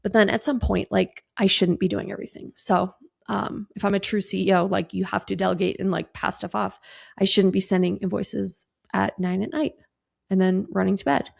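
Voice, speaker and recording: Chatty woman with a gravelly edge. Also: medium pitch, flat delivery, normal speed. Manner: chatty, breezy, swears casually, acts out quoted dialogue. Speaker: podcast host. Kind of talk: casual solo podcast chat.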